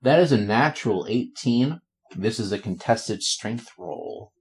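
Husky-voiced man running a tabletop game. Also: fairly low pitch, lively intonation. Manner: joking, quick asides. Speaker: game master.

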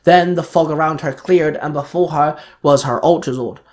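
A man reading fan fiction aloud in a steady, plain narration. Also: fairly high pitch, normal speed. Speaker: storyteller.

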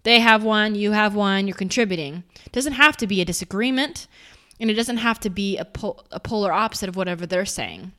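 A young woman speaking earnestly in a motivational talk, in an easy conversational tone. Her voice sits at an ordinary middle pitch for a woman, and she explains each point patiently. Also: brisk, bright, forceful tone. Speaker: self-improvement speaker.

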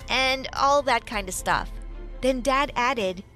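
A young woman tells a first-person story with lively, expressive delivery. Her voice is bright and a little high. Quiet music plays beneath the narration. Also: slow pace.

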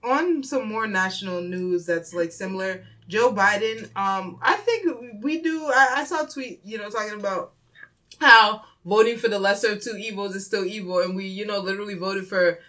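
Animated swearing woman chatting politics. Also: mid-range voice, moderate pace. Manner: animated, swearing, mimics voices. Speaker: podcast co-host. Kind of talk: casual political chat.

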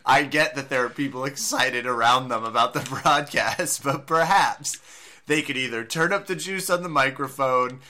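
A man's voice: mid-range voice, normal speed, bright, forceful tone. A man co-hosting a podcast, recapping a fight broadcast in casual chat, sarcastic and laughing often. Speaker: podcast co-host.

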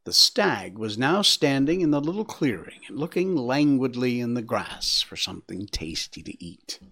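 A man reading a storybook aloud with an expressive, varied delivery. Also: mid-range voice. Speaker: narrator.

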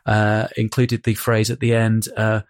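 Gravelly-voiced guy, deadpan podcast co-host, wry explanations. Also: on the low side, measured pace. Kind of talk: casual chat.

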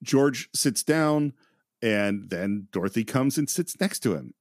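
A man co-hosting a casual film commentary podcast, enthusiastic and quick to laugh. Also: medium pitch, lively intonation, background noise. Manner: enthusiastic, laughs often, acts out quotes. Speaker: podcast co-host.

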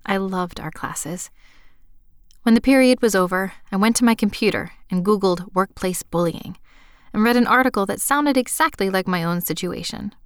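A woman's voice: mid-range voice, moderate pace, no echo, studio quality. A woman narrating her own memoir in a subdued, intimate way. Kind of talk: first-person memoir narration.

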